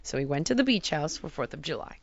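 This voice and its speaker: Blunt, animated woman host telling a story. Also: low voice, quick pace, vocal fry, highs cut off. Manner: blunt, animated, acts out quotes. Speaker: podcast host. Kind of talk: casual storytelling chat.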